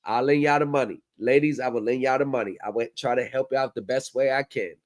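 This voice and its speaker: A man's voice: medium pitch, fast talker, over a noisy crowd. A man hosting a livestream in casual chat, loose and profane in his banter. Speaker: livestream host.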